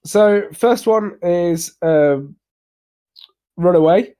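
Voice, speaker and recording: A man's voice: sits high, extremely slow, dark tone, clear, resonant tone. A young man co-hosting a casual album review chat, rambling and hesitant, swearing and laughing often. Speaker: podcast co-host reviewing albums. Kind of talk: casual banter.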